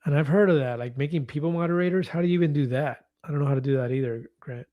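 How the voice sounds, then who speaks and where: A man in his fifties hosts a casual livestream, chatting, reading viewer comments aloud and laughing easily. His voice is fairly high and racing. The audio is narrow and tinny, with no echo.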